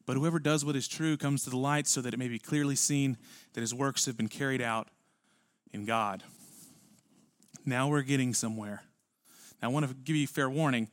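A man preaching a sermon in a conversational style, asking the congregation rhetorical questions and often dropping to a quiet voice. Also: medium pitch, no room sound, clean studio sound. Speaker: pastor.

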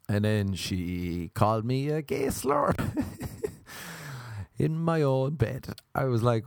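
A young man with a lowish voice tells a comic personal story in a casual monologue. He swears freely and acts out his reactions, jumping into high, silly tones. The sound is dry and close. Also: lively intonation, moderate pace, a little mellow, dry recording.

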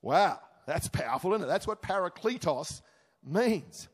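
A man preaching a sermon as pastor, emphatic, rising to exclamations and then dropping low and intimate. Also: lively intonation, a little slow, breathy edge. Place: church hall. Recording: reverberant church hall.

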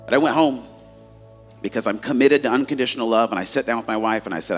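A man's voice: medium pitch, fast, soft background music. A man in his forties preaching a sermon as a pastor, telling candid, self-mocking stories and addressing the crowd as guys.

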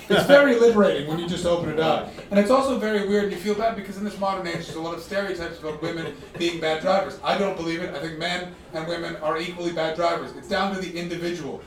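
A man from Canada doing stand-up comedy with crowd work, telling stories in an animated, chatty way. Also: high-pitched. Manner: animated, chatty storytelling with frequent laughs. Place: live comedy venue with an audience. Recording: roomy, distant stage sound.

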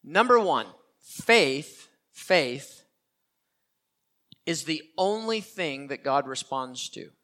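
A man's voice: fairly high pitch, animated, extremely slow, bright, forceful tone. An older man preaching a sermon as pastor, earnest and repeating key phrases for emphasis.

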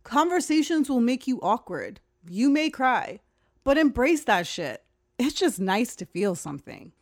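Young woman host, casual podcast-style storytelling, frank and animated, slightly high voice. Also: a little slow. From Long Island, New York. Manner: candid, profane, animated retelling with quoted voices.

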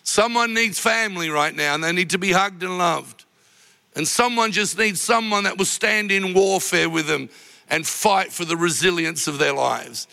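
A man's voice: high voice, normal speed, gravelly, sharp tone. A man preaching a sermon as pastor, telling personal stories with emotional, impassioned delivery. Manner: emotional storytelling, rising to impassioned cries. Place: large church auditorium. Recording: long reverb of a large church hall.

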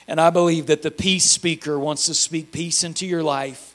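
A man preaching a sermon in a church, moving from quiet, measured talk to loud, rhythmic exhortation and leading the congregation to repeat after him. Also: fairly high pitch, steady tone. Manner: builds from quiet talk to shouted preaching, leads call-and-response. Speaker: pastor. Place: church sanctuary.

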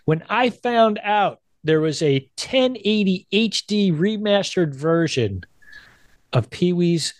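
A middle-aged man co-hosting a casual chat, animated and quick to act out quoted voices. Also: dry recording. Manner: animated, acts out quoted voices in a high pitch. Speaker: podcast co-host.

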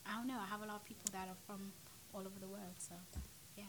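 A woman's voice: medium pitch, fast, noisy background. A woman chatting casually as a podcast guest, rambling with lots of fillers. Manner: relaxed, rambling with many fillers. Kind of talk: casual chat.

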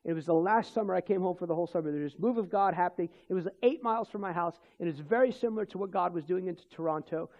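A man's voice: high-pitched, fast, few pauses, muffled recording. A man, a Christian minister, telling a personal faith testimony in conversation, rambling with restarts and chuckles.

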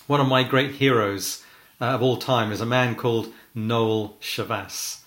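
A middle-aged man and church leader giving a personal testimony sermon, earnest and measured, slowing down to stress key phrases. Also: medium pitch, fairly even intonation, a bit bright. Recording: roomy echo.

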